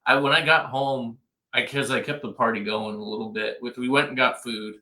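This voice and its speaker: A man co-host chats in a laid-back way, with a very bright, tense edge to his voice. The room around him sounds roomy. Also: medium pitch, fairly even intonation, a little fast. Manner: laid-back, brief reactions. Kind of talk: casual chat.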